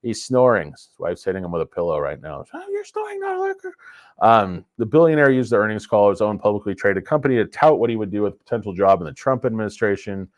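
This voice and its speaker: Low-voiced man, rambling livestream host. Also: fast, few pauses, no room sound. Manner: rambling, jokey, chatting with viewers. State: stuffy from a head cold. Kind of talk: casual livestream commentary. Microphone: cheap lapel microphone.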